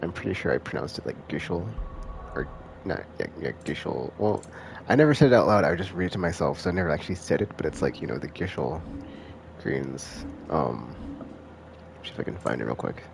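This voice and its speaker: A man's voice: rumbling low, sing-song, quick pace, gravelly, noisy background. A man streaming a game and chatting casually between scenes, rambling and correcting himself as he goes. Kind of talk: casual commentary.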